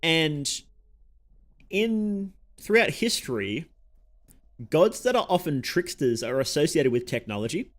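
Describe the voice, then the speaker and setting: A man's voice: on the high side, sing-song, measured pace, pauses often. An Australian man streaming a game, rambling casually and breaking off mid-thought to comment on what he is doing. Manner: rambling and chatty, with self-interrupting asides. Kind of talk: casual gameplay chat.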